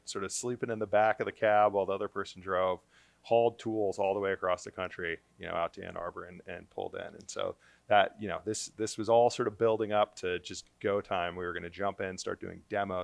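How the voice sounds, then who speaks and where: Brief: gravelly, deep-voiced male guest, hesitant casual storyteller. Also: steady tone, a little fast, no room sound. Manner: hesitant, full of fillers. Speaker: guest, business owner.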